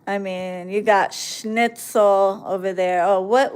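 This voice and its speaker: A woman's voice: mid-range voice, fairly even intonation, slow, clear, resonant tone. A woman hosting a live stream, talking to her viewers in a sarcastic, ranting, mocking monologue.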